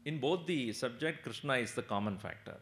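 Guy teaching scripture, lively up-and-down voice, bit gravelly, chuckles a lot. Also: mid-range voice, brisk, slight background noise. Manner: animated, chuckling, asks the audience questions. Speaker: spiritual teacher. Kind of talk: discourse with storytelling.

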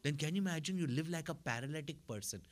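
Speaking fast and animatedly in a fairly high voice, this man narrates a story in the role of a spiritual teacher. He stays conversational throughout, repeatedly checking in with his audience to see whether they agree.

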